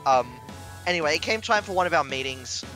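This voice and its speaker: A man telling a long personal story in casual chat, animated, swearing and laughing as he goes. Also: fairly high pitch, a little fast, soft background music. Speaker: stream commentator.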